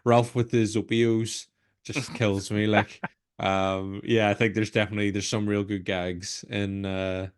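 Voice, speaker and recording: A man's voice: lowish voice, flat delivery, a little slow, clear, resonant tone. A man with a Northern Irish accent, co-hosting a casual horror podcast chat, rambling and often murmuring agreement. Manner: rambling, lots of backchannel agreement. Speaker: podcast co-host.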